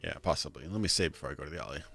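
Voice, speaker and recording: Gravelly deep-voiced man streaming a game. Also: sing-song, racing, bright, forceful tone, soft background music. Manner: thinking aloud, chuckling, a bit confused. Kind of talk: livestream gameplay commentary.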